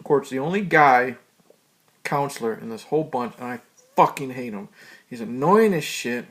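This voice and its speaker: A man's voice: medium pitch, animated, moderate pace. Male reviewer, casual and profane, loose rambling delivery with fillers. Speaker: movie reviewer. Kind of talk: casual spoken movie review.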